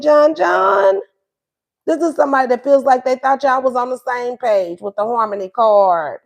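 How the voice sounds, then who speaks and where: A woman's voice: on the high side, lively intonation, moderate pace, gravelly, a little mellow. A woman giving a casual tarot reading, sassy and acting out what the lovers would say. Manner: sassy, acts out voices of both lovers. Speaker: tarot reader.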